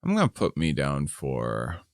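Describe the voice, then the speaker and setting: A middle-aged man in casual podcast chat, wandering off on self-deprecating tangents. His voice sits very low and comes across smooth and resonant. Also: huge pitch swings, measured pace, no echo, clean studio sound. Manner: rambling, self-deprecating, reads survey questions aloud. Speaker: podcast co-host.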